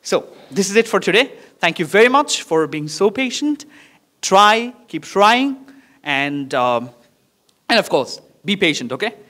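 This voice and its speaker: Man, Bangladeshi English accent, high-pitched, classroom teacher, encouraging, repetitive. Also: big pitch swings, a little slow, sharp tone. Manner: encouraging, repetitive, demonstrates poses while talking. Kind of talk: classroom lesson on presentation skills.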